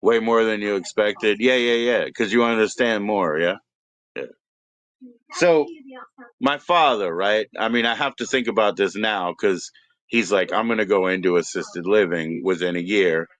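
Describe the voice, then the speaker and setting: Man, low-pitched, rambling profane casual chat, dry close sound. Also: normal speed, fairly bright tone, no room sound. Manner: profane, rambling, laughs often. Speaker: live stream host.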